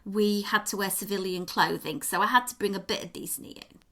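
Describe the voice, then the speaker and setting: A woman co-hosting a podcast, telling a story in a lively, expressive way. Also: mid-range voice, fairly quick. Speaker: podcast co-host. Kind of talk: casual chat.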